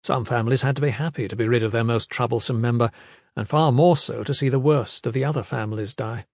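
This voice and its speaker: Brief: male audiobook narrator, measured dramatic delivery, middle pitch, dead-dry booth sound. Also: darkish tone, dry recording. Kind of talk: scripted fantasy narration.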